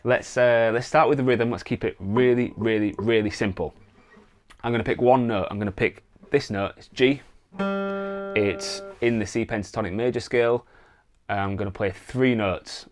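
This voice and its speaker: A man teaching songwriting in a relaxed, casual way, thinking aloud and demonstrating on guitar. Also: fairly low pitch, normal speed. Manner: relaxed, thinks aloud with fillers, sings wordless vocal lines. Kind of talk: casual instructional talk with guitar demos. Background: acoustic guitar playing.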